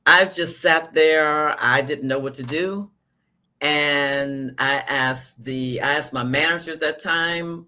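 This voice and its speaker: A woman's voice: low voice, takes it slowly, pushed and bright. A woman hosting a podcast as a business coach, talking in an emphatic, reflective way. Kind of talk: casual interview chat.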